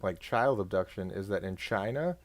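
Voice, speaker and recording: A man's voice: deep voice, normal speed. A man in casual conversation, enthusiastic and rambling. He leans heavily on filler words as he explains. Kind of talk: casual chat.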